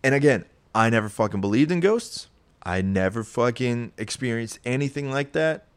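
A young man telling a personal story in a casual, rambling, profane way, getting animated as he retells it. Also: medium pitch, moderate pace, clear, resonant tone.

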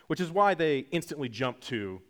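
A man's voice: fairly high pitch, sing-song, normal speed. A man preaching a sermon in a casual, jokey teaching style, acting out quotes as he goes. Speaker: pastor.

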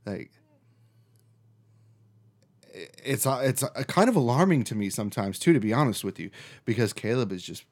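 A man's voice: medium pitch, normal speed, pauses often. A man hosting a casual chat, telling a story with lots of swearing and restarts. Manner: animated storyteller, swears freely, restarts often.

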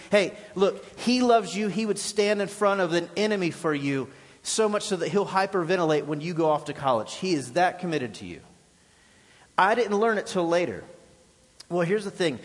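A man preaching a sermon as pastor, animated and paraphrasing scripture in lively voices. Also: high voice, long reverb tail. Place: church sanctuary.

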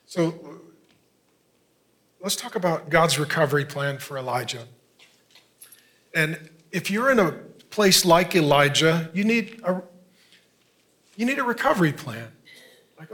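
A man in his fifties, a pastor preaching an earnest, conversational sermon with quick asides. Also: fairly high pitch, animated, a bit bright. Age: 50s.

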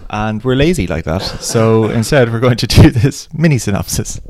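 A man's voice: medium pitch, animated, normal speed, darkish tone. A man co-hosting a casual podcast, joking and teasing his co-host.

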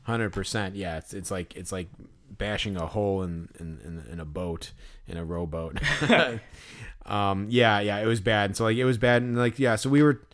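A man's voice: fairly low pitch, normal speed. A young man co-hosting a podcast, telling a story in casual chat. He rambles and fills his speech with filler words. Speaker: podcast co-host.

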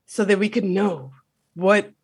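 A man co-hosting a casual podcast, animated and profane, often laughing while he talks. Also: high voice, measured pace, slightly rough. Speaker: podcast co-host.

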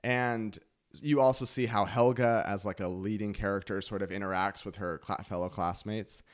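A man with a fairly low voice chats casually on a podcast. He picks the show apart thoughtfully and fills his pauses with "like" and "uh". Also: fairly even intonation. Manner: thoughtful, analytical, many fillers. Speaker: podcast co-host. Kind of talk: casual review chat.

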